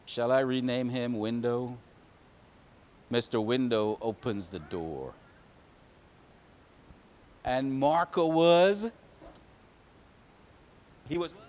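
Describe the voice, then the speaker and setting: A man telling a picture-book story to children, pausing to ask them questions. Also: mid-range voice. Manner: animated, asks the children questions.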